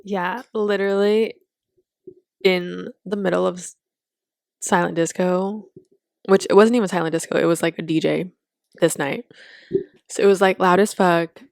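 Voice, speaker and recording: A young woman co-hosting a podcast, telling animated stories in casual chat and laughing often. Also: fairly low pitch, normal speed, vocal fry, long pauses, no echo, studio quality. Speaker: podcast co-host.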